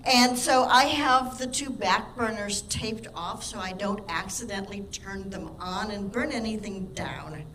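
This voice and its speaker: A woman's voice: medium pitch, a little slow, few pauses, fairly bright tone, rough recording. A woman giving a short impromptu talk at a speaking practice meetup, wry and rambling. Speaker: workshop participant. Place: meetup room.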